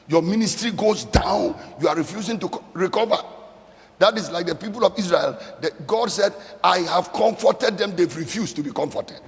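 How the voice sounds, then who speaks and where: Middle-aged male pastor, sermon, emphatic repetition, slightly high voice, long hall reverb. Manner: emphatic repetition, conversational storytelling.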